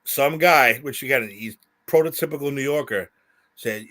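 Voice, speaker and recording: A man's voice: a little high, moderate pace. New man telling stories on a podcast. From New York City. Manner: animated storytelling, casual swearing. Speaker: podcast co-host. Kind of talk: casual chat.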